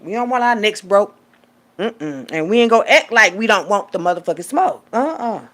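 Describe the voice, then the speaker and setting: A woman delivering a profane, preachy rant as a little sermon, swinging between hushed asides and loud outbursts. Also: medium pitch, expressive, moderate pace. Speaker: vlogger giving a street sermon.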